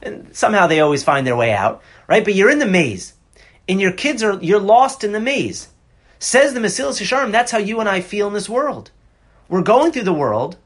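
A man's voice: sits high, very animated, normal speed, a bit bright. A man in his thirties teaching a Torah class on a psalm, earnest and conversational with bursts of passion.

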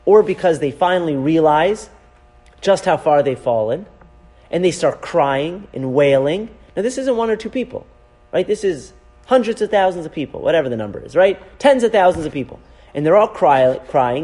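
A man teaching a Torah class as a rabbi, animated, asking rhetorical questions and weaving in Hebrew terms. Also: a little high, moderate pace. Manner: animated, asks rhetorical questions, frequent "right?".

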